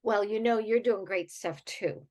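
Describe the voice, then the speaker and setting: A woman's voice: mid-range voice, unhurried, a little mellow. Playful woman host with a Boston accent. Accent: Boston-area. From New England. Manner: playful, laughing, teasing. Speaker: podcast host. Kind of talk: casual chat.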